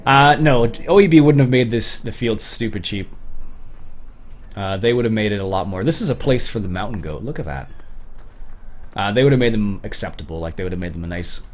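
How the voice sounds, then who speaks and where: A man's voice: fairly low pitch, expressive, brisk. A young Canadian man from Ontario chatting casually through a livestream, rambling with fillers and restarts. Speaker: streamer.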